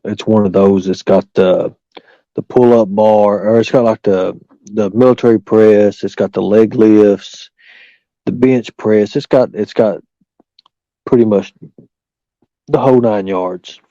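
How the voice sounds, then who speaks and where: A man's voice: fairly low pitch, fairly even intonation, unhurried, pauses often, warm tone, dry recording. Profane, rambling man telling a story. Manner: rambling, profane, frequent restarts and fillers. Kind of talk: casual storytelling. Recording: dull lo-fi recording.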